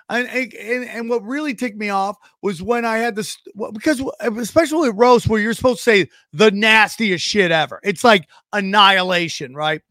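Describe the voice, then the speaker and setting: A man's voice: high voice, normal speed, few pauses, bright, forceful tone, dry recording, clean studio sound. A man ranting profanely in casual podcast chat, stumbling and restarting his sentences.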